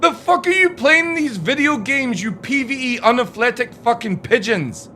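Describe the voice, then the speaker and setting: A man's voice: very high-pitched, lively intonation, moderate pace, pushed and bright, slight background noise. A young man streaming, ranting about video games in a profane, exasperated way. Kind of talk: ranting gaming stream talk.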